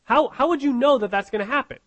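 Male pastor, high-pitched voice, chatty sermon delivery with rhetorical questions. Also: fast talker, a bit bright, dull audio. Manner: conversational, rhetorical questions, frequent restarts. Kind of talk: sermon teaching.

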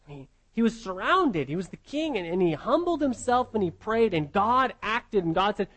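A man with a notably high-pitched voice delivers an expository sermon. He speaks earnestly and emphatically. He keeps circling back with rhetorical questions to press his point home. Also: sing-song, moderate pace, hardly any pauses, a bit bright. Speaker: preacher.

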